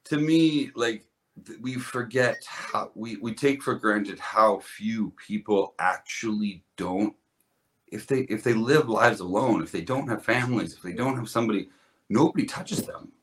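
A man's voice: fairly low pitch, a little slow. Earnest, rambling hairdresser man. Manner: rambling, earnest, frequent restarts and "like". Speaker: podcast guest, hairdresser. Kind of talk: casual conversational storytelling.

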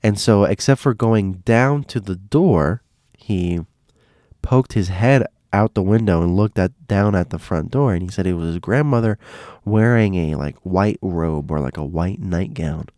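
A man's voice: deep voice, unhurried, mellow, no room sound, studio quality. A man telling stories in a loose, casual way, often repeating himself and restarting phrases. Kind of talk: casual spoken storytelling.

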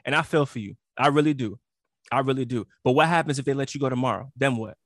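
A man's voice: medium pitch, fast talker, dry recording, clean studio sound. A man co-hosting a podcast in casual chat, blunt and profane, lecturing his listeners. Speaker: podcast co-host.

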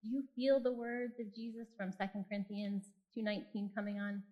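A woman's voice: mid-range voice, flat delivery, fairly quick, lo-fi sound. A woman in her forties giving a personal faith talk, candid and self-deprecating as she tells stories from her own life. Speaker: speaker.

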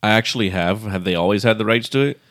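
A man co-hosting a podcast in casual chat, relaxed, laughing often and restarting his sentences. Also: lowish voice, fast, no room sound, studio quality. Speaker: podcast co-host.

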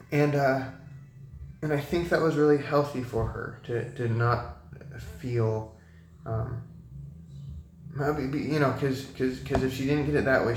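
A young man talking as a guest in a casual conversation, thoughtful and halting, with many fillers and restarts. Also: mid-range voice, noisy background. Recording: echoey room.

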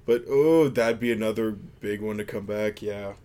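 A man's voice: fairly low pitch, normal speed, warm tone. A man co-hosting a casual chat show, mostly agreeing with short replies and adding brief comments. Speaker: podcast co-host.

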